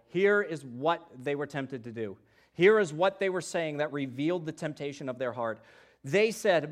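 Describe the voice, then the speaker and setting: A man preaching a sermon who moves from hushed, low passages to loud, emphatic ones and voices the doubts of biblical figures. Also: expressive, normal speed. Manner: acts out the voices of doubters in scripture. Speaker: pastor.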